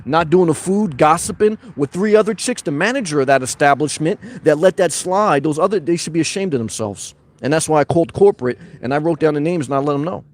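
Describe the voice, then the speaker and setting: A man's voice: fairly high pitch, a little mellow. A man hosting a casual livestream, reading viewer comments and telling a rambling story full of restarts and "okay?".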